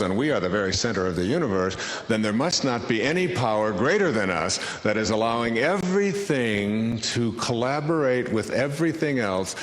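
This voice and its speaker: Lively-voiced man telling a story in a hall. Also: fairly low pitch. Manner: anecdotal, wry, conversational. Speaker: spiritual speaker and author. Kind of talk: storytelling lecture to an audience.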